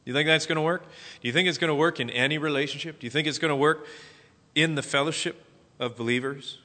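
A man preaching a sermon as pastor, animated, often acting out quotes. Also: fairly high pitch, fast. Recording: long hall reverb.

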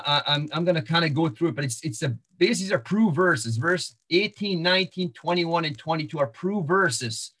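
A man's voice: fairly high pitch, fairly bright tone. Man teaching Bible verses in a sermon. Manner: walks through verses, repeats words and restarts, frequent fillers. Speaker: preacher.

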